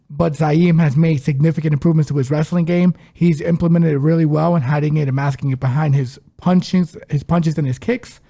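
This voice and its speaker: Gravelly-voiced man talking fight bets. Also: fairly high pitch, mellow. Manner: confident, emphatic, blunt. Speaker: podcast co-host, betting analyst. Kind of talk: casual sports-betting chat.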